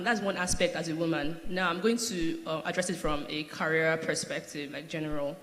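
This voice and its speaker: A woman from Nigeria speaking on a conference panel, telling candid stories about her career and laughing as she goes. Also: low voice. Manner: candid, animated storytelling with laughs. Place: large conference hall. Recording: echoey hall, faint noise.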